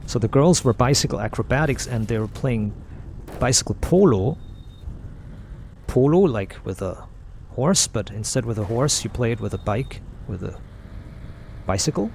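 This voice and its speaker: Gravelly man ranting while gaming. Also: medium pitch, darkish tone, a little hiss or hum. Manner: blunt, opinionated, repeats and restarts phrases. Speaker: gamer streaming a playthrough. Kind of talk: casual rambling commentary while playing.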